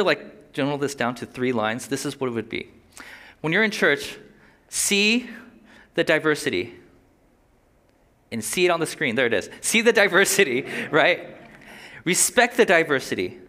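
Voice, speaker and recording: A man preaching a sermon in a relaxed, conversational way, with quick asides and short laughs. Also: mid-range voice. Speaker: pastor.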